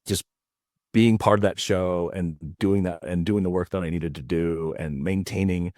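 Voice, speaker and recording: A man's voice: low-pitched, moderate pace, dry recording, clean studio sound. A man in his fifties from the United States, an actor guest telling stories in a casual interview and acting out voices as he goes. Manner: animated, acts out voices while telling stories.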